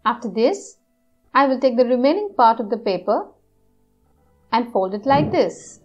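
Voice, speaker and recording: A woman's voice: a little high, big pitch swings, unhurried, a little mellow, faint music behind. A woman voicing a clever, patient tortoise who explains step by step how to cut and arrange shapes. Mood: instructing. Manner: step-by-step instructional.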